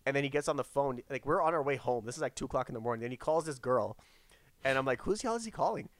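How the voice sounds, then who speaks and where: Fast-talking man telling a rambling story. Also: medium pitch, dry recording. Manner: rambling, frequent restarts, acts out quotes. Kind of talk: casual storytelling chat.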